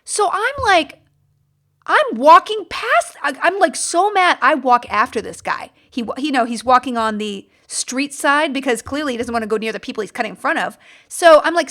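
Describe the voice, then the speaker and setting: A woman's voice: high voice, normal speed. Chatty podcast lady, swoops up and down a lot, lots of ums and restarts. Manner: animated, chatty, with many fillers and restarts. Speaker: podcast host. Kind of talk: casual storytelling monologue.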